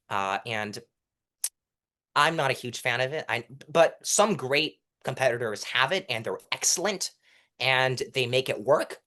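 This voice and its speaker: A man's voice: mid-range voice, normal speed. A young man, a guest in a casual interview, talking animatedly and acting out delivery styles as he coaches. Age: young adult. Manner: animated, demonstrates delivery styles mid-sentence. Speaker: guest, mock trial competitor.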